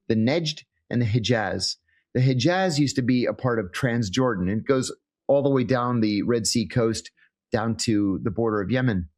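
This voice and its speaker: A middle-aged man, a former intelligence analyst, giving relaxed reading advice in a measured, casual way. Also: mid-range voice.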